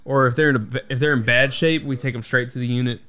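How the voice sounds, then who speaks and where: A man on a podcast telling stories with plenty of swearing. His voice sits at an ordinary middle pitch, and he acts out the lines of the people in his stories with loose, everyday energy. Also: fairly even intonation, fast talker, pushed and bright. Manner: swears freely, tells stories with acted-out quotes. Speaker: podcast host. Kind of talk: casual storytelling chat.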